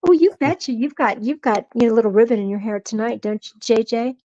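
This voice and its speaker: A woman's voice: fairly high pitch, brisk, dark tone, no room sound, lo-fi sound. A woman hosting a live stream, chatting casually and teasing people in the chat, her voice worn out. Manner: playful, teasing, reads chat names aloud.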